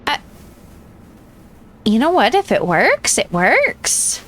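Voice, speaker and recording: A woman's voice: on the high side, wildly swooping pitch, slow, fairly bright tone, a little hiss or hum. A bubbly, chatty woman streamer who giggles as she talks to her chat while reacting to videos.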